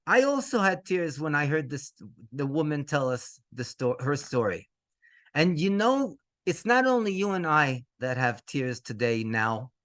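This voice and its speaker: A male rabbi telling a story in a lively way, mixing in Hebrew phrases and laughing between lines. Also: on the high side. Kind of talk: storytelling to an audience.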